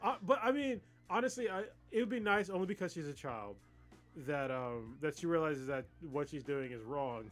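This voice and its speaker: High-voiced, excitable, foul-mouthed man. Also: normal speed, faint music behind. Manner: excitable, profane, laughs often. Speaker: livestream co-host. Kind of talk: casual chat about anime.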